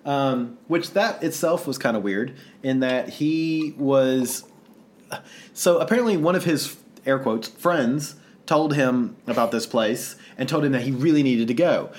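Animated, laughing male podcast co-host. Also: mid-range voice, measured pace. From United States. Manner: animated storyteller, acts out quotes, laughs often. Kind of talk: casual chat.

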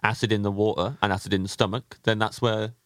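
A man's voice: lowish voice, steady tone, fast, no echo, studio quality. An English man co-hosting a podcast, joking and playful, often repeating his words in casual chat. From England. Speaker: podcast co-host.

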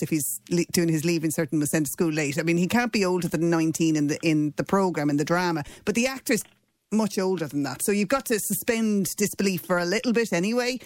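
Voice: medium pitch, dry recording. A panelist chats on a radio show in a mid-range voice, easygoing and teasing. The sound is dry and close to the microphone. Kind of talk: casual radio chat.

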